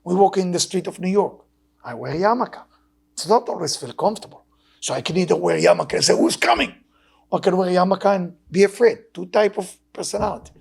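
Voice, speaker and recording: An Israeli man in his sixties teaches Kabbalah in an impassioned sermon. His gravelly, very raspy voice rises to urgent pleading, then sinks to hushed, heavy tones. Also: a little fast. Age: 60s. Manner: emotional, swinging from loud urging to low hushed tones.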